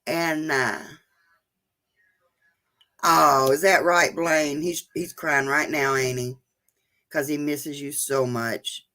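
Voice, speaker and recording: A woman's voice: low voice, fairly even intonation, slow, pauses often, sharp tone. A woman, chatting casually and emotionally with viewers during a live stream. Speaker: vlogger hosting a live chat.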